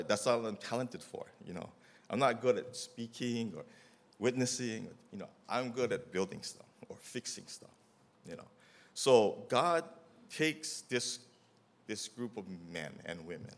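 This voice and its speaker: A middle-aged man telling a casual testimony about volunteer work, rambling with many fillers and acting out the dialogue as he goes. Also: lowish voice. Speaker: mission trip volunteer giving a testimony.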